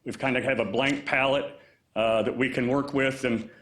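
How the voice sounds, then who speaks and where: A man speaking as mayor at a press conference, relaxed and chatty with frequent fillers. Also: medium pitch, moderate pace, slight background noise. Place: indoor press conference room. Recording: echoey room.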